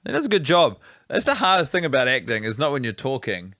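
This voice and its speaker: A man's voice: mid-range voice, huge pitch swings, fast, pushed and bright, no room sound, studio quality. A man co-hosting a podcast, chatting playfully and rambling while watching a film. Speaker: podcast co-host. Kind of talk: casual chat over a film.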